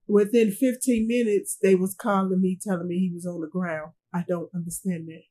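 A middle-aged woman answers interview questions as a mother in grief. Her voice is husky and breathy, at a middling pitch. She talks haltingly, repeating phrases and letting sentences trail off. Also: fairly even intonation, warm tone, low-quality recording. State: grieving. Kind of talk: emotional interview testimony.

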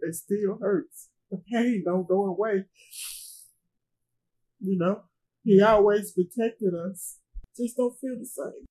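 A middle-aged woman, a grieving mother, recounting a painful loss in a halting way, repeating herself and trailing off. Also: medium pitch, dark tone, breathy edge, poor audio. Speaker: grieving mother being interviewed. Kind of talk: emotional personal recounting.

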